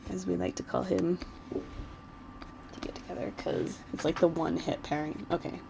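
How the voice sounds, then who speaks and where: A woman's voice: lowish voice, fairly even intonation, measured pace, creaky, noisy background. A woman vlogger chatting casually while she doodles, rambling and giggling like a gushing fan.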